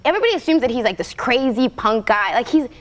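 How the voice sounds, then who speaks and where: A young woman in her twenties talks fast and rambles as a talk show guest. Her voice sits a little high, bubbly and quick to laugh. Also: sing-song. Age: 20s. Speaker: guest actress. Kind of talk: casual talk show chat.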